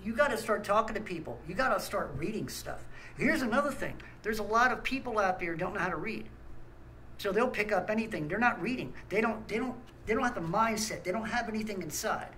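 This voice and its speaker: A man's voice: sits high, lively intonation, brisk, bright, forceful tone, slight background noise, poor audio. A man, host of a small ministry channel, ranting angrily with blunt talk and stammered restarts. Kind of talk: angry ranting monologue.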